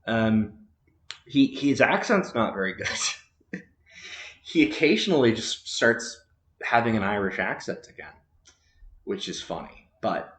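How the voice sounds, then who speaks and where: A man's voice: on the low side, big pitch swings, measured pace, long pauses, reverberant. A man casually chatting about movies as a podcast host, rambling with many fillers and restarts.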